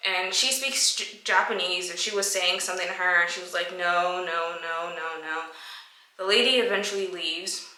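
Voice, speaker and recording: A woman's voice: mid-range voice, a little fast, hardly any pauses, pushed and bright. A woman vlogger casually answering viewer questions, telling stories and acting out her own reactions in quotes. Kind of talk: casual Q&A storytelling. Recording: echoey room.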